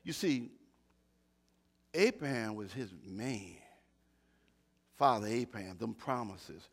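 An older man preaching a sermon, moving from quiet, halting talk with repeated words to shouted, fired-up preaching. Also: lowish voice, expressive.

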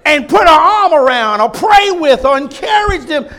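A male pastor delivers a fervent sermon in a fairly high, light voice, pressing his points through repetition and rising volume. He then drops to a near hush to draw the congregation close. Folksy, conversational asides keep it personal. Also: lively intonation, normal speed. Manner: fervent preaching, swinging between loud emphatic repetition and hushed intimacy.

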